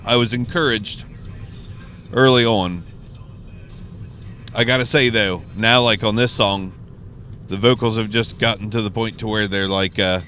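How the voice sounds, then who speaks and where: A man's voice: fairly low pitch, steady tone, measured pace, long pauses, pushed and bright, faint music behind. A man talking casually and rambling about albums, swearing freely while driving. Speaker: music reaction vlogger. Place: inside a car.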